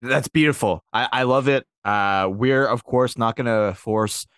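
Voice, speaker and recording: A man's voice: mid-range voice, measured pace, a bit bright, clear, resonant tone, no echo. A man co-hosting a casual podcast chat, upbeat and agreeable, building on the jokes.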